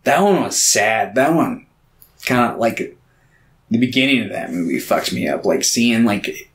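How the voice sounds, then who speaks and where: With a sing-song, medium-pitched voice at a measured pace, a man co-hosting a laid-back podcast meanders along, using lots of fillers and casual swear words.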